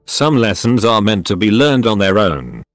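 A cold, brooding father, read by a synthetic male voice. The voice is low and its intonation swings widely. Faint music plays underneath. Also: big pitch swings, moderate pace, no echo, clean studio sound. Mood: stern. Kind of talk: synthetic story reading.

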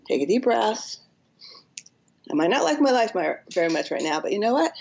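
Woman, psychotherapist guest on a podcast, earnest and explanatory, gravelly tone, dull recording. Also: medium pitch, sing-song, brisk, long pauses, darkish tone. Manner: earnest, explaining with acted-out examples. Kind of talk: podcast interview.

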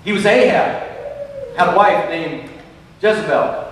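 A man's voice: sits high, a little slow, fairly bright tone. A man preaching a sermon as pastor, earnest and conversational, often repeating his words. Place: church sanctuary. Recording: echoey hall from far off.

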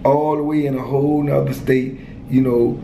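A man's voice: mid-range voice, level tone, moderate pace, gravelly, dark tone. A man in his fifties telling a story in casual street slang, filled with "you know" and "man", as a former prisoner, in an echoey room with faint noise.

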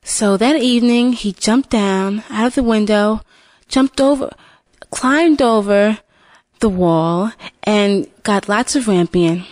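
A woman slowly telling a fairy tale for a listening lesson, expressive, with small restarts. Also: mid-range voice, dry recording. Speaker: storyteller.

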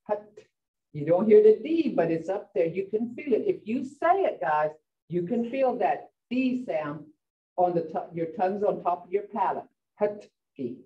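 A woman teaching a language class, saying words slowly and repeating them to stress their sounds and tone. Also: medium pitch, dark tone. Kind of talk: pronunciation lesson. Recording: dull, roomy, distant from the mic.

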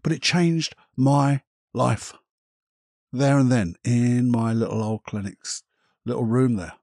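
Husky middle-aged man, candid. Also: medium pitch, a little mellow, no room sound, clean studio sound. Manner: reflective, candid, casual swearing, halting pauses. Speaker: hypnotherapist podcast host. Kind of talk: solo podcast storytelling.

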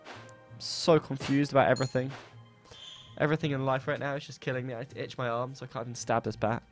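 A man doing let's play commentary, swearing and yelling angrily at the enemies in his game. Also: mid-range voice, fairly even intonation, quick pace. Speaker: gaming channel host. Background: faint game music.

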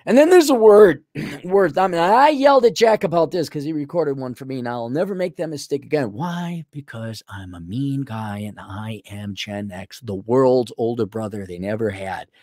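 A man's voice: mid-range voice, moderate pace, dry recording, clean studio sound. Blunt, sarcastic middle-aged man ranting. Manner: blunt, sarcastic, animated, mocks others in put-on voices. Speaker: vlogger. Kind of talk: ranting monologue to camera.

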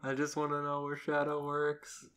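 A man co-hosting a podcast, tossing out wry quick quips in casual banter. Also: a little high, monotone, a loud crowd. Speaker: podcast co-host.

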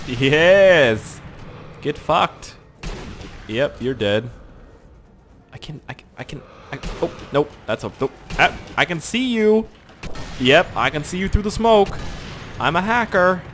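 A young man doing rambling, joking let's play commentary, swearing often as he plays. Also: mid-range voice. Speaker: gaming YouTuber.

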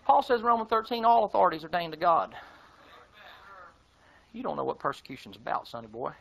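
Male preacher, very high bright voice, fiery folksy delivery that swings between shouts and hushed asides. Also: big pitch swings, fast, vocal fry, poor audio. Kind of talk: fiery sermon.

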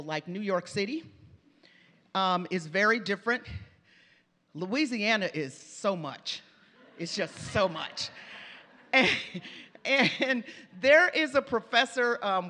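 A woman's voice: mid-range voice, a bit bright. A woman from the Pacific Northwest giving a conversational presentation, telling stories and turning to the audience with asides. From Pacific Northwest of the United States. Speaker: lecturer on language and reading. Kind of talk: conference presentation. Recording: reverberant lecture hall.

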